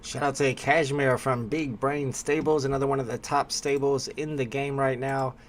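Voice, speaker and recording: A man's voice: mid-range voice, moderate pace. Chatty man hosting a livestream. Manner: relaxed, chatty, talking to chat. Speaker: livestream host. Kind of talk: casual chat.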